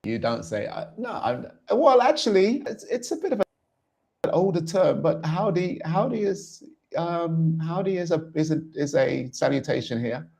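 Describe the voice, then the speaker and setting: A man from Jamaica chatting as a guest, halting and repeating words, laughing often. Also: fairly high pitch, animated, gravelly, darkish tone. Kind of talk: casual chat.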